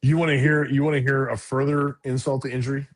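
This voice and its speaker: A middle-aged man co-hosting a podcast, telling a story in animated casual chat. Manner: animated storyteller, quick pitch jumps. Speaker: podcast co-host.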